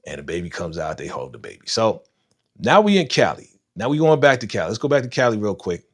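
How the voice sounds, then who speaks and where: A man hosting a live stream, giving casual, animated reaction commentary full of slang and talking to chat viewers by name. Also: on the low side, fast. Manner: animated, slangy, retells scenes with voiced quotes. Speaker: livestream host reacting to a TV episode.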